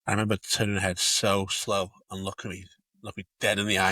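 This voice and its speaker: A man with a low voice and a bright, forceful edge, recorded dry and close. He co-hosts a casual chat podcast and tells stories in an animated way, full of fillers and swearing. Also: fast, no room sound. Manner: animated storyteller, swears freely, many fillers. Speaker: podcast co-host.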